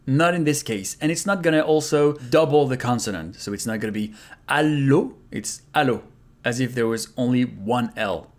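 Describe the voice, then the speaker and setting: A man with a French accent, a native French speaker, teaching a video language lesson and repeating each word slowly for learners to copy. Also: mid-range voice. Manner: slow, repeats words for practice.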